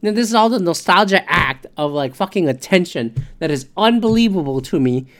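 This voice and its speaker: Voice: medium pitch, animated, brisk. Cursing, rambling solo podcast host. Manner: profane, rambling, acts out imagined dialogue. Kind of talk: solo commentary rant.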